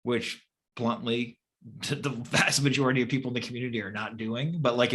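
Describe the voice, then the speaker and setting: A man's voice: lowish voice, fairly bright tone. A man co-hosting a casual chat as a manifestation coach, blunt and swearing casually, with lots of fillers.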